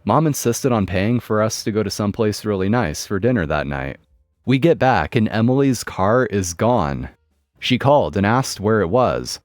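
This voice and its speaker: Male narrator for a story read aloud, expressive, with a dry studio sound. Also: lowish voice, normal speed, no room sound, faint music behind. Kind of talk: reading a forum story aloud.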